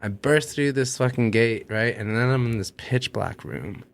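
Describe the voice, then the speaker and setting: A man's voice: medium pitch, normal speed, vocal fry. A young adult man, a musician guest, telling a long story casually, full of fillers and swearing. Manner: rambling, heavy on fillers and swearing.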